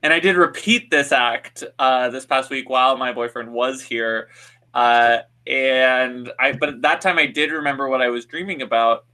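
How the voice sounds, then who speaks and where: A man's voice: mid-range voice, normal speed, bright, forceful tone. A young man co-hosting a casual podcast chat, telling rambling stories full of fillers and restarts. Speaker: podcast co-host.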